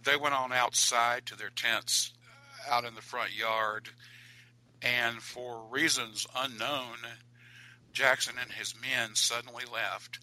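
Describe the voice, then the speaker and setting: A man, an author and guest, telling a ghost story in an animated, dramatic way. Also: medium pitch, rough recording.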